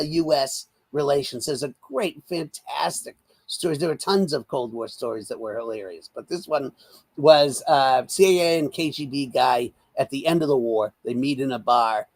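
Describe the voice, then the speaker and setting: An older man from the United States, a political commentator talking as an interview guest in an animated, rambling way with many restarts. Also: a little high.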